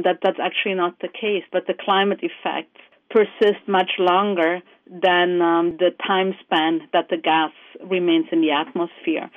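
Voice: medium pitch, no echo. A climate researcher answering interview questions carefully, with many ums and repeated words. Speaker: climate scientist guest. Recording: tinny phone-like line.

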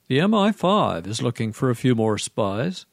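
A man's voice: mid-range voice, big pitch swings, moderate pace, creaky, no room sound, studio quality. A man hosting a radio show, reading scripted commentary with a sarcastic, mocking delivery.

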